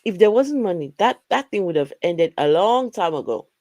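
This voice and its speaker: Woman, live-stream host, lowish voice, blunt and exasperated, dry close sound. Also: animated, moderate pace, dark tone, dry recording. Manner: blunt, exasperated, talks directly to her co-host. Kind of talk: casual live-stream commentary.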